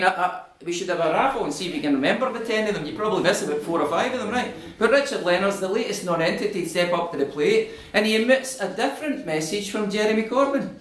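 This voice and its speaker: A middle-aged Scottish man speaking to an audience in a community hall, animated and argumentative as he answers their questions. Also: high voice. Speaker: invited political speaker. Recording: echoey room.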